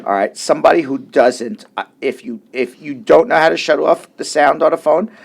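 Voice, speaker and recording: A man's voice: a little high, normal speed, creaky. A middle-aged man, an immigration attorney and show host, bantering casually on a radio talk show and often restarting his sentences. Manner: chatty, joking, restarts sentences.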